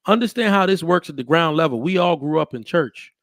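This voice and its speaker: Animated man, dry close sound. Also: a little high, a little fast, no echo. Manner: animated storyteller, acts out quotes. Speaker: podcast host. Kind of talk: casual chat.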